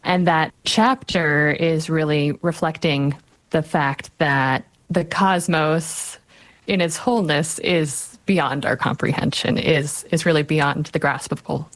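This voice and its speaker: A woman speaking as a guest author in an interview, explaining in a measured way. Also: low-pitched.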